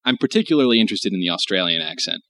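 A man's voice: low voice, lively intonation, racing, fairly bright tone. An American man rambling in casual chat, curious and full of fillers. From United States.

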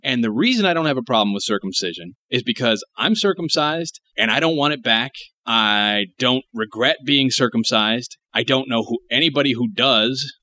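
A man's voice: medium pitch, animated, moderate pace, bright, forceful tone, no room sound. A young man co-hosting a podcast, talking casually and ranting in a profane, emphatic way. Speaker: podcast co-host. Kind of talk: crude casual chat.

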